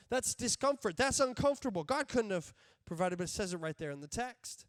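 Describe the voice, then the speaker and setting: A male pastor preaching a sermon to his congregation, animated and acting out the characters in the story. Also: high voice, a little fast, no room sound, studio quality. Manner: animated, acts out biblical characters' voices. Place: church sanctuary.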